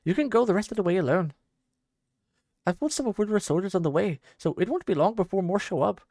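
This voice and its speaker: A man doing a gruff old blacksmith grandpa. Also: sits high, lively intonation, fast, a little mellow, no echo, clean studio sound, voice pushed up. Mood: stern. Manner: brusque, urgent, scolding.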